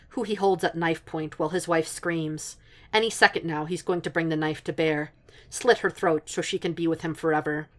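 Woman reading fan fiction out loud, low voice, steady even narration. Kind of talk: audiobook narration.

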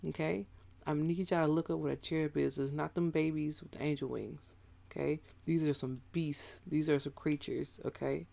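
Gravelly-voiced man preaching casually. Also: fairly high pitch, steady tone, normal speed, a little mellow. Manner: casual, conversational preaching with asides to the listeners. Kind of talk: sermon.

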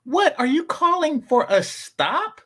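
A man's voice: very high-pitched, sing-song, slow, sharp tone. A man giving casual, sarcastic reaction commentary on a stream, talking back to the clips he plays.

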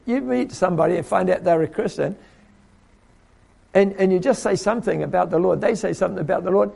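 Gravelly male preacher, husky and mellow, chatty sermon delivery. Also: high voice, moderate pace. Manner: conversational and animated, with repeats and acted quotes.

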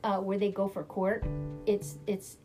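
A woman in her fifties from the US East Coast, a retired corrections officer telling blunt, animated stories with swearing. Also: medium pitch, measured pace. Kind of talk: casual storytelling interview. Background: guitar music.

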